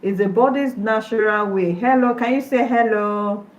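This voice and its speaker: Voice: mid-range voice, normal speed, a little hiss or hum. A nurse giving a health talk on a live stream, repeating questions to viewers. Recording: echoey room, dull lo-fi sound.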